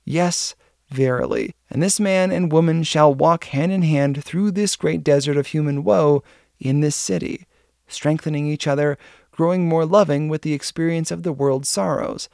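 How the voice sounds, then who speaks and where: A man narrating an old novel as an audiobook, in a steady, earnest storytelling manner. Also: fairly high pitch, moderate pace, gravelly, dry recording, studio quality.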